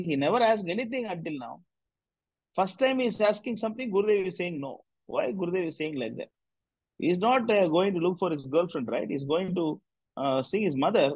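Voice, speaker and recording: A man talks through a devotional story as teacher of a discussion group. He wanders from point to point and leans on "you know" and "like" as he goes. His slightly high, husky voice comes through a dull, lo-fi recording with a dry sound. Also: dry recording. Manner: loose, rambling, full of "you know" fillers.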